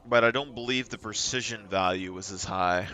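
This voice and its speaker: A man's voice: on the low side, normal speed, pushed and bright. A male streamer chatting casually during a live gaming stream, rambling and thinking aloud.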